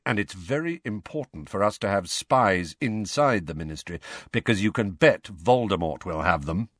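A bitter, restless outlaw, sardonic and sharp-tongued, his pitch moving lively, as a narrator plays him. Read close and dry in an audiobook. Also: moderate pace, no room sound.

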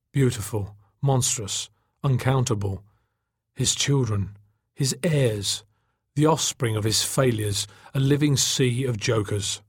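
A male audiobook narrator reading in a steady, measured way. His voice is husky, in a middle pitch, recorded close and dry with no room sound. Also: no echo. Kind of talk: scripted narration.

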